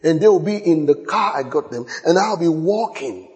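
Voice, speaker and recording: Pastor, middle-aged man, high tenor, sermon storytelling: repetitive, shouts then hushes, long hall reverb. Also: animated, normal speed.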